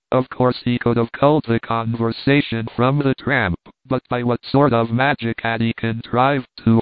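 A man narrating a story aloud at a measured, deliberate pace. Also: mid-range voice, smooth, dry recording, narrow, tinny audio. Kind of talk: audiobook reading.

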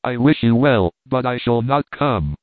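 A man's voice: mid-range voice, lively intonation, measured pace, no room sound, close to an everyday voice. A man voicing a poor old man who speaks coldly and curtly. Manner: cold, curt. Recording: thin phone-like dry sound.

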